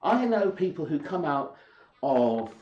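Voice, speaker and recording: A man's voice: a little high, very animated, unhurried, darkish tone, muffled recording. A man lecturing an audience as an English teacher in a hall, speaking emphatically, with repetition and rhetorical questions. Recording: echoey hall.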